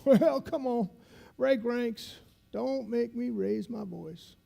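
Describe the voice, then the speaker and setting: A man doing a gravelly old drill instructor. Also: very high-pitched, dark tone, faint music behind, voice pushed up, full character voice. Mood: commanding. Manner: slow, drawling, folksy grammar. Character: grizzled older male Navy SEAL instructor, gruff and commanding.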